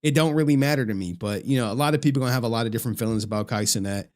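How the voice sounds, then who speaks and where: A man's voice: medium pitch, rapid-fire, a little mellow. A man chatting casually on a live stream, talking straight to his chat in a loose, profane way and laughing often.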